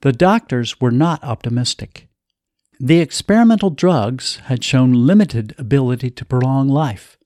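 A man reading a story aloud in a measured, expressive way. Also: medium pitch, dry recording. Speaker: narrator.

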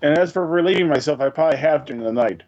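A man's voice: on the high side, racing, a little mellow, muffled recording. A man chatting casually as a player at a tabletop game, offhand and joking.

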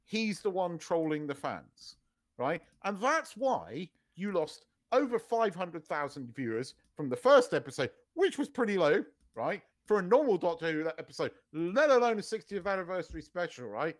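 A man's voice: sits high, very animated, moderate pace. Guy ranting on a podcast, voice swinging up and down, swears a lot, trips over words. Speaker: podcast co-host. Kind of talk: casual opinionated chat.

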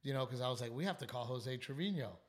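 He talks fast in a mid-range voice: a comedian from South Texas hosting his podcast. Sick and short on rest, he tells a story in loose chat, full of swearing and animation, with many trailing restarts.

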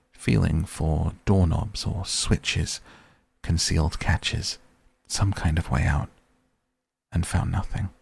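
Male audiobook narrator, low and gravelly, unhurried grave delivery. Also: a little mellow, no echo. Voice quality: deep, gravelly, husky voice. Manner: slow, grave, measured reading.

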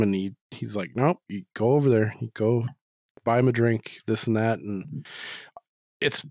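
A man's voice: lowish voice, no echo, clean studio sound. A man talking loosely in a casual podcast chat, rambling with lots of "like" and swearing freely.

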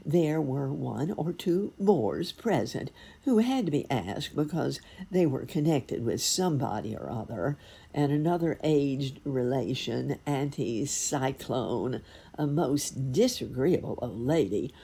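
A woman narrating a fairy tale in an expressive, lively storytelling manner. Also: a bass voice, takes it slowly, gravelly, breathy edge.

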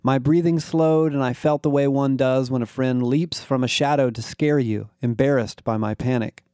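A man narrating a first-person science fiction story in a wry, measured way. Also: mid-range voice, steady tone, warm tone, clean tone, dry recording, clean studio sound.

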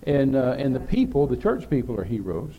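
A man's voice: mid-range voice, very animated, a little fast, phone-quality sound. An older man, telling a rambling, folksy story as a preacher. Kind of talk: sermon storytelling.

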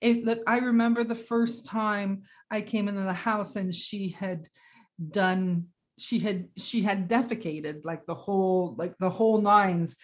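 A woman shares a personal story in a casual conversation, her medium-pitched voice earnest and reflective. She speaks haltingly, pausing and circling back as she gathers her thoughts. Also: steady tone.

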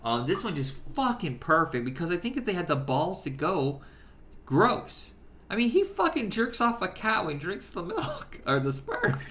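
A man from Indiana, co-hosting a loose chat about movies. His voice is bright and swoops around as he riffs, swears and acts out lines. The room around him rings with echo. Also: sits high, normal speed. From Indiana, USA. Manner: animated, profane, quotes movie lines in funny voices. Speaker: podcast co-host.

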